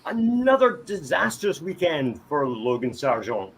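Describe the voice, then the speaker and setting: A man's voice: fairly high pitch, big pitch swings, moderate pace, slightly rough. A man serving as guest host, giving a joking report with a dry delivery. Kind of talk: comic report.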